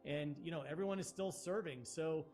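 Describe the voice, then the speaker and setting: Male host, upbeat and thankful, slightly high voice, faint music behind. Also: brisk, darkish tone. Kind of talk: interview hosting.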